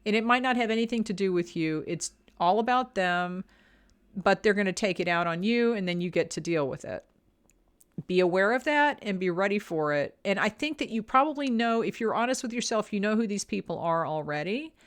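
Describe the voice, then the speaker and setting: A woman talks plainly and bluntly, handing out business advice in a relaxed, chatty way. Her voice is smooth and clear, at an ordinary middle pitch. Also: brisk. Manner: frank, conversational, blunt advice. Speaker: small business podcast host. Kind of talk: casual advice talk with storytelling.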